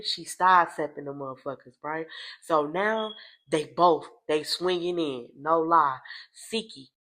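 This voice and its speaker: A young adult woman recapping reality TV in casual, profane gossip with dramatic loud outbursts. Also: lowish voice.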